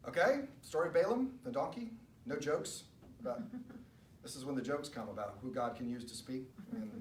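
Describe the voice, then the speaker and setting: A man's voice: mid-range voice, expressive, normal speed, a little mellow. A man leading a church Bible study, reading scripture and adding conversational, wry asides with chuckles. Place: church room. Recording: echoey room, distant mic, faint noise.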